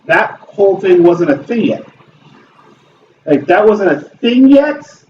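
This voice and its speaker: A man's voice: sits high, very animated, slow pace, roomy sound, distant mic, lo-fi sound, a little hiss or hum. A man hosting a gaming video, ranting in heated, profane commentary while he plays. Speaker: gaming channel host.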